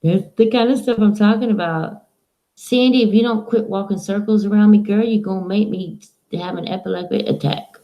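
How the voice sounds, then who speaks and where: A woman's voice: mid-range voice, fairly quick, dull audio. A woman streaming live from home, chatting in a rambling, casual way to her viewers and her dog.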